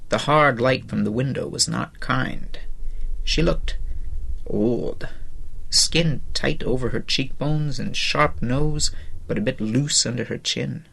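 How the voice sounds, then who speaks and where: A man narrating a novel as an audiobook in an expressive, measured storytelling manner. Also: medium pitch, vocal fry, breathy edge.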